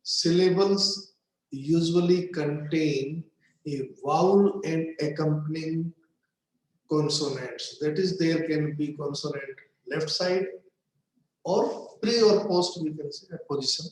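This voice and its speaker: A man giving a slow, deliberate lecture on English literature, repeating words to stress their syllables. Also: a little high. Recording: very echoey room.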